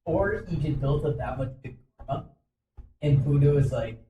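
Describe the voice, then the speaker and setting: A man's voice: on the high side, expressive, narrow, tinny audio. Giggly man heard from across an echoey room. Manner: jokey, giggly, quick to laugh. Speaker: podcast co-host. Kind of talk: casual banter. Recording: echoey room, mic far away, noisy.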